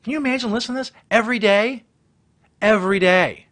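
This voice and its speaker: A man hosting a show, reacting to a video with profane, exasperated ranting that swings from low mutters to yelling. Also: fast talker. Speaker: host reacting to a viral video. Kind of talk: ranting commentary.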